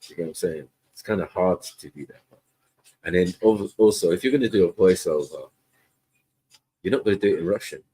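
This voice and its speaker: A man's voice: sits low, fairly quick, warm tone, breathy edge, rough recording. A man, chatting casually on a livestream panel in laid-back slang. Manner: laid-back slangy talk, frequent "you know what I mean".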